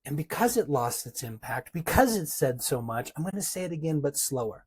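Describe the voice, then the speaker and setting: A man's voice: on the high side, sing-song, a little fast, hardly any pauses, a little mellow, slightly rough. A man giving a motivational business talk as a coach, emphatic and punchy, hammering home repeated phrases and addressing his listeners directly as a team.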